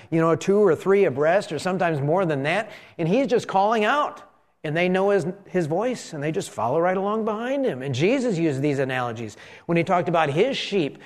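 Man preaching a conversational sermon. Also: a little high. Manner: conversational preaching, slows for emphasis, leads congregation in repeating. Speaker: pastor.

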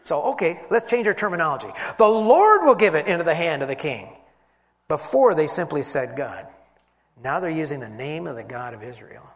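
Animated man preaching in a reverberant hall. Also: on the high side, normal speed. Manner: animated, voices quoted figures, swings from loud to hushed. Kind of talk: expository Bible teaching.

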